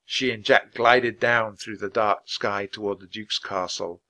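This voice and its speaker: A man reading a children's book aloud in an expressive, clear, measured way. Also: lowish voice. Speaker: storybook reader.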